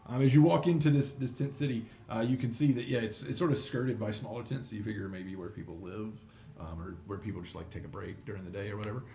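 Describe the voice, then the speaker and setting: A man narrates a tabletop game as its game master, wandering through his descriptions with plenty of fillers. His voice is low and gravelly. The room is echoey, with a faint hiss. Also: fast talker, dark tone. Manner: rambling, many fillers. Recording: echoey room, some noise.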